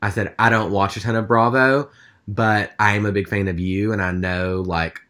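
Chatty man, lowish voice. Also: fairly even intonation, moderate pace, a bit bright. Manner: rambling, chatty, with many fillers. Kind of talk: casual storytelling chat.

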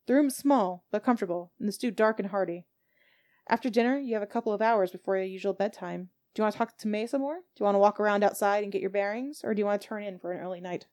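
A woman's voice: medium pitch, fast talker, darkish tone. A woman narrating a tabletop game as game master, reading steadily with small stumbles.

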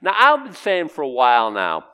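An older man, a pastor, preaches a sermon with animated emphasis, swinging between loud declarations and hushed, quiet passages. His voice is a little high and smooth, at a moderate pace.

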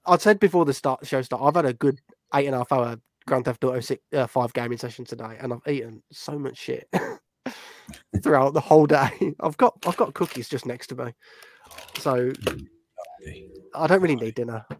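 A man's voice: medium pitch, moderate pace, dry recording. A man co-hosting a casual sports podcast, chatty and self-deprecating, laughing often. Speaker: podcast co-host.

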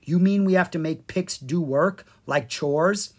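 A reader voicing a practical, determined eight-year-old girl in a children's audiobook, full of questions and quick with a plan. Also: mid-range voice, husky, pitched above the performer's own voice. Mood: curious, questioning.

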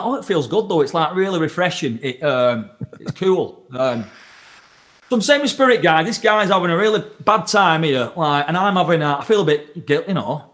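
A chatty man rambling through an anecdote as a podcast guest, swearing freely and acting out the voices of the people in it. His voice sits a little high for a man. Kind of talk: casual storytelling chat.

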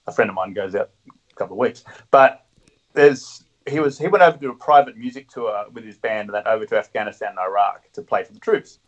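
A man's voice: lowish voice, fairly quick, lo-fi sound. A middle-aged man, a guest telling blunt, swear-laden stories and laughing along. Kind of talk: casual storytelling.

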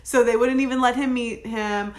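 A woman's voice: fairly high pitch, steady tone, normal speed. A young woman in her twenties chatting casually with a friend, reacting to gossip and sharing her own take. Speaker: friend listening. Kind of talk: casual chat. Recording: echoey room.

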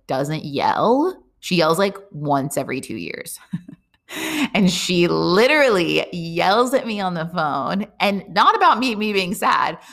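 A woman's voice: low-pitched, gravelly, fairly bright tone. A young woman hosting a podcast, talking candidly in a casual, rambling way, full of fillers and swearing. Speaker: podcast host. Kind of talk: casual personal monologue. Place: lives abroad, talking to listeners.

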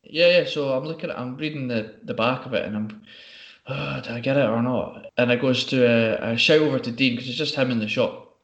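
A man's voice: mid-range voice, fairly quick, a bit bright. A man telling rambling stories in casual chat. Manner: rambling storyteller, acts out quotes. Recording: roomy, dull lo-fi sound.

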